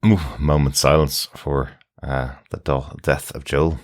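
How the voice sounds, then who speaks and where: A man co-hosting a TV review podcast, chiming in with quick affirmations and then explaining eagerly. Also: very deep voice, flat delivery, no echo. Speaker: podcast co-host.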